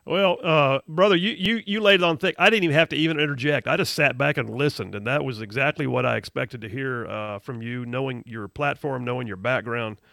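A man's voice: mid-range voice, fairly quick, vocal fry, hardly any pauses, bright, forceful tone, dry recording, clean studio sound. A man hosting a talk radio show, speaking in an emphatic, fired-up way.

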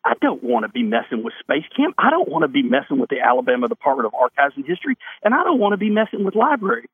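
A man's voice: a little high, wildly swooping pitch, fast talker, husky, no room sound. A man, a state lawmaker calling into a radio talk show, speaking emphatically and answering his own rhetorical questions. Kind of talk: radio call-in interview. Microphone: phone. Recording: phone line into a radio show.

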